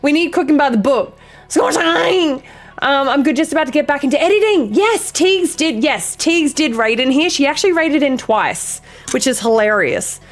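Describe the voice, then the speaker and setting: Excitable, animated woman streamer. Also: high voice, normal speed. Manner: excitable, swears freely, greets chatters by name. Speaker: livestream host. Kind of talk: casual chat with live viewers.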